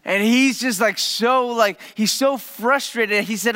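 A pastor preaching a sermon, telling a story with dramatic pauses and swings from hushed to loud. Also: male voice, high voice, smooth.

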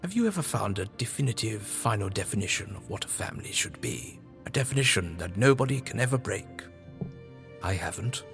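A man voicing a scheming old male doctor with a smooth, persuasive way of talking, often hushed. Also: lowish voice, expressive, brisk, pitched below the performer's own voice. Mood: wistful. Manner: soft-spoken, coaxing. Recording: long reverb, faint music behind.

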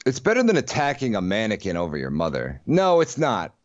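A man's voice: on the low side, wildly swooping pitch, fairly quick, no echo, muffled recording. A man co-hosting a podcast, reading odd news stories with wry, sarcastic asides. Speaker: podcast co-host.

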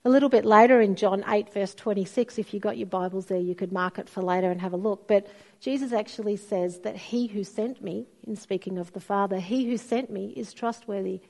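A woman's voice: mid-range voice, brisk, gravelly. A middle-aged woman, preaching a sermon and telling stories expressively. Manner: storytelling, expressive, acts out quoted voices.

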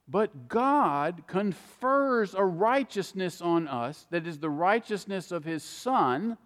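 A man preaching a sermon, repeating key words for emphasis with slow, deliberate phrasing. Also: sits high, long reverb tail.

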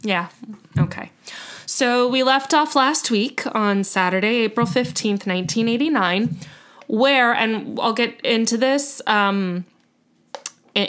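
A woman's voice: fairly high pitch, expressive, a little slow, a bit bright. A woman co-hosting a podcast, telling a long story in casual chat, chatty and full of fillers and self-corrections. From United States. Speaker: podcast co-host.

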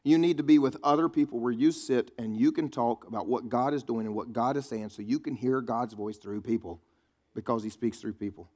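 A pastor preaching a sermon in a chatty, joking way, teasing the congregation. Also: male voice, mid-range voice, fairly quick, a little mellow. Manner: conversational preaching with quips to the congregation.

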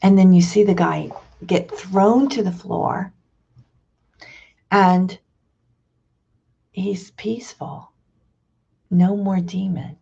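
A woman reads scripture, reflects on it and leads a prayer, slow and thoughtful, with hesitant restarts. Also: medium pitch, steady tone, creaky, dark tone, slightly rough, highs cut off. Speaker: prayer leader.

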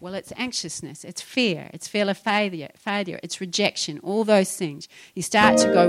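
A middle-aged woman pastor, preaching in a conversational and animated way and acting out her own complaints. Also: mid-range voice, normal speed, few pauses. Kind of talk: sermon.

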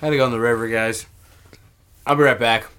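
A man's voice: medium pitch, fairly even intonation, quick pace, a bit bright, smooth. A man playing a tabletop game, joking and swearing casually with friends. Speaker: player.

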